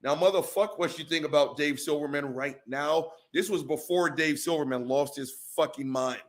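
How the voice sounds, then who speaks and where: A man's voice: fairly high pitch, moderate pace. Swearing man ranting as stream host. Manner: angry, swearing, heated ranting. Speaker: show host. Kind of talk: profane reaction commentary.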